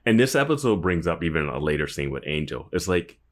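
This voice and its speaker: Deep-voiced man in casual chat. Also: fairly quick. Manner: relaxed, filler-heavy musing with laughs. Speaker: podcast co-host.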